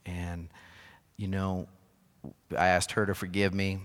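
A man's voice: deep voice, flat delivery, slow pace, in a large hall. A man preaching a sermon as pastor, telling personal stories with self-deprecating humor. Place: church sanctuary.

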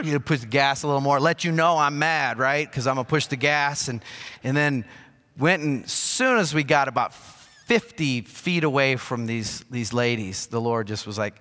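A man preaching to his congregation, his voice bright and forward. He tells stories from his own life with easy, self-deprecating humor. His words ring out with the long reverb of a large hall. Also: mid-range voice, moderate pace. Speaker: pastor. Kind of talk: sermon. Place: church sanctuary.

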